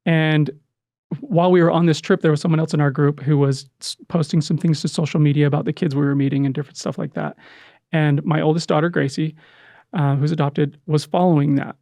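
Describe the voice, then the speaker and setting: A middle-aged man talks through a heartfelt story, his voice a little higher than most men's and carrying a gravelly rasp. He stops and restarts often, searching for words in an earnest, halting way. The sound is dry and close, with no room echo. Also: fairly even intonation, dark tone. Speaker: podcast guest, adoptive father. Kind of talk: emotional storytelling in conversation.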